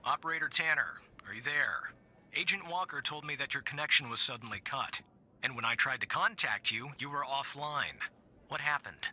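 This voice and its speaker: A stern handler from a video game, clipped and formal as he hands out orders over the line. His voice is sharp and bright at a middle pitch, with steady businesslike calm. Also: moderate pace. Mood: concerned. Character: stern male handler directing an operator. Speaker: agency supervisor giving orders. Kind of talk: scripted game dialogue.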